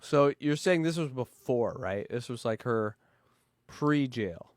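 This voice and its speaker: A man's voice: mid-range voice, expressive, takes it slowly, no room sound, studio quality. A man hosting a casual comedic podcast, bantering with laughs and swearing. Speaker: podcast host.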